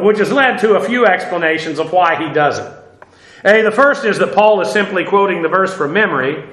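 Man, Bible teacher, high voice, conversational lecture full of fillers, echoey room. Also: a bit bright. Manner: conversational, halting with fillers and restarts.

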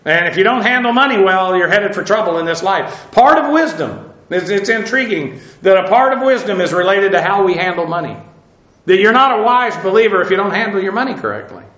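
A man's voice: high-pitched, lively intonation, brisk, fairly bright tone, roomy sound, rough recording. A man preaching a sermon in a conversational way, often asking his listeners questions. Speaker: pastor.

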